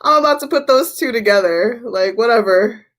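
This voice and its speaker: A woman's voice: fairly high pitch, expressive, moderate pace, a bit bright. A woman hosting a tarot livestream, chatting casually and telling stories in a rambling way, often repeating herself. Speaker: tarot reader and livestream host.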